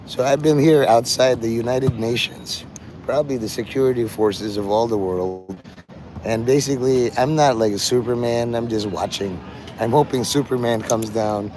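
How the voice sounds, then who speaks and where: A man chats his way through a street livestream in a loose, rambling way, dropping profanity and dark joking asides. Loud traffic and city ambience wash over his voice. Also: mid-range voice, normal speed, rough recording. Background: vehicles and city ambience.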